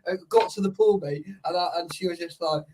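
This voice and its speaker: A man's voice: high voice, a little fast, heavy background noise. Sweary man, laughing banter. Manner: sweary, laughs a lot, says "mate" constantly. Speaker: urban explorer on a live stream. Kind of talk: casual banter.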